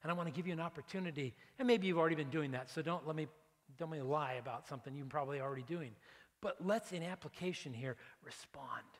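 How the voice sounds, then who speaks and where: A male pastor giving a conversational, animated sermon, acting out prayers and dropping into hushed asides. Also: a little high, fast, big-room sound. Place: church sanctuary.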